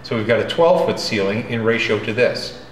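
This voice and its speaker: A man's voice: on the low side, expressive, brisk, slight background noise. Emphatic man lecturing in an echoey classroom. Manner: direct, emphatic, often checks in with "okay?". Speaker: drawing instructor. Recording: roomy classroom with faint ambience.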